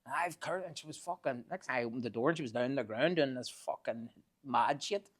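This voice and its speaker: A man's voice: mid-range voice, quick pace. A man in his forties, a podcast guest, telling rambling, profane anecdotes and laughing as he goes. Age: 40s. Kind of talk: casual storytelling.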